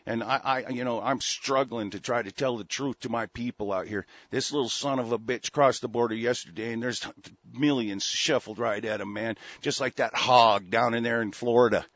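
Male American broadcaster with a husky voice, reads the news and rants profanely with lots of fillers, on dull, dry audio. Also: mid-range voice, fairly even intonation, a bit bright, no room sound. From United States. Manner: profane, halting, many fillers and restarts. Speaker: broadcast host. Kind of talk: angry news commentary. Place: seated at a desk.

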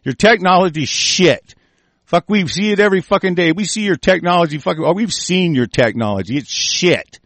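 A man's voice: high-pitched, expressive, moderate pace, no room sound. A man hosting a commentary show, ranting angrily and swearing heavily while stumbling through news he reads aloud. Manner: angry, cursing heavily, shouting; stumbles over words while reading.

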